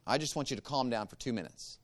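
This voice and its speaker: A man teaching a church group a guided meditation practice, calm and measured, giving step-by-step instructions. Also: mid-range voice.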